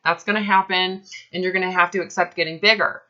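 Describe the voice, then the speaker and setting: A woman's voice: on the low side, fairly even intonation, fast talker, sharp tone. Blunt, emphatic woman coach, lo-fi sound. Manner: emphatic, blunt, casual swearing. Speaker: health coach. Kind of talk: coaching session.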